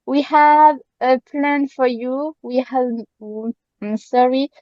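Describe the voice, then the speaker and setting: A woman with a French accent, a fan speaking in halting, apologetic English as she searches for words on a video call. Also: high-pitched, mellow, no room sound, lo-fi sound. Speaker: fan asking a question. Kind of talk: casual chat.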